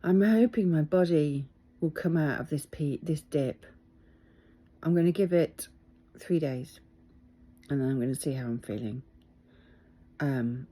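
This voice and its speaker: A tired middle-aged woman from England, talking to camera in a candid, halting, reflective video diary. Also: low-pitched, mellow, breathy edge. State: tired and teary. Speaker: vlogger.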